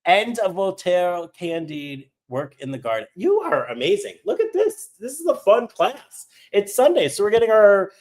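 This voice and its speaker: Man, cooking host, live class, chatty, animated, slightly high pitch. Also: normal speed, few pauses. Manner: chatty, reads viewer comments aloud; animated, upbeat. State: teary from cutting onions.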